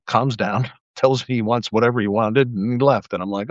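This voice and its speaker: A man's voice: fairly low pitch, quick pace, hardly any pauses, no echo. Casual man ranting on a livestream. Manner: animated storytelling, acts out quotes in a raised voice. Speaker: live stream host. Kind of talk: casual monologue. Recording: slightly dull lo-fi sound.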